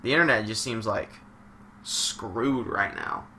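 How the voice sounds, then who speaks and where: Bright-voiced young male streamer, rambling. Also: fairly low pitch, slow pace. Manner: rambling, joking, mock play-by-play. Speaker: streamer and commentator. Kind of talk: casual live-stream commentary. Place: home room while streaming.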